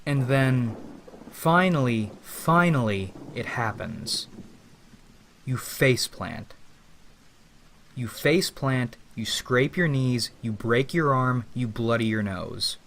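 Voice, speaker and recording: Brief: a male vlogger musing aloud, rambling and profane, mid pitch. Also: lively intonation, takes it slowly, fairly bright tone, a little hiss or hum. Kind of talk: reflective spoken monologue.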